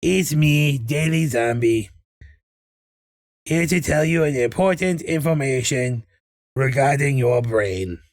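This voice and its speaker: A man voicing a dim-witted male zombie, drawling his words slowly. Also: medium pitch, lively intonation, no room sound, clean studio sound. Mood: droning. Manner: slow, drawling delivery.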